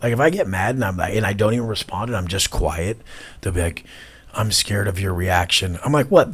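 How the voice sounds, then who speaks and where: Casual podcast guest: husky, blunt man who curses constantly and talks with intensity. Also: sits low, brisk, fairly bright tone. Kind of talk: casual chat.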